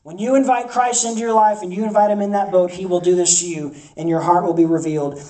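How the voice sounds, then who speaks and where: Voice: mid-range voice, fairly even intonation, fast, dark tone, roomy sound, far from the mic, rough recording. A campus ministry preacher delivering an emphatic sermon, repeating phrases for effect.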